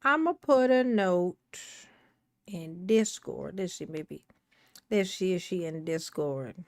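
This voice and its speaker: A woman's voice: fairly low pitch, lively intonation, slow, a little mellow, dry recording, clean studio sound. A woman hosting a casual livestream, greeting viewers by name in a playful, sing-song manner. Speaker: livestream host.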